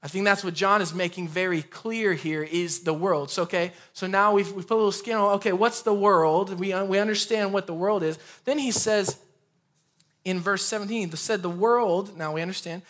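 Young male pastor, high voice, conversational and lively sermon delivery. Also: moderate pace. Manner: conversational, energetic preaching with asides. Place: empty room.

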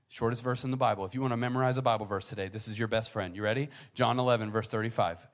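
A young adult man preaching a sermon in a conversational way, acting out the people in the story and swinging from quiet, low asides to loud, high-pitched bursts. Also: fairly even intonation, quick pace, few pauses.

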